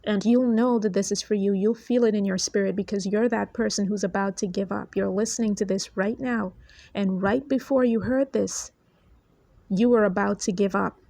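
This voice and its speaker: A woman delivering a prophetic word to her online followers in an earnest, measured preaching manner, speaking from a noisy spot. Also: medium pitch, steady tone, creaky, mellow, dry recording. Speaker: prophetic minister.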